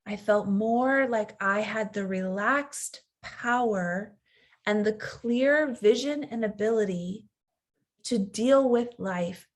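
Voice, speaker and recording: A woman's voice: medium pitch, slow. A woman in her thirties, a coach giving an earnest, reflective teaching talk and sometimes acting out the inner voice of fear.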